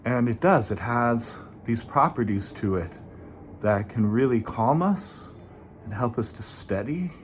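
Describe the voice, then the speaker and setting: A man teaching as a meditation teacher, talking in a gentle, unhurried, informal way before guiding a short meditation. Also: medium pitch, animated, slight background noise. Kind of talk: dharma talk leading into guided meditation.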